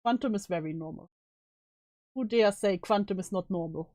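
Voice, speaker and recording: Woman streamer, wry jokey reactions, mid pitch, dry close mic. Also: moderate pace, dark tone, no echo. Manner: joking, sarcastic asides. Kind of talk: casual reaction commentary.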